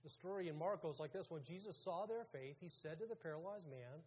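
A man's voice: on the high side, a little fast, a little mellow, a little hiss or hum. A man preaching a casual, conversational sermon as pastor, putting questions to his audience. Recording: long hall reverb.

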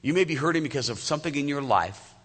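A man's voice: a little high, animated, fast, fairly bright tone. A man in his fifties giving a conversational sermon as a pastor, often asking the congregation direct questions. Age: 50s. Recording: echoey hall.

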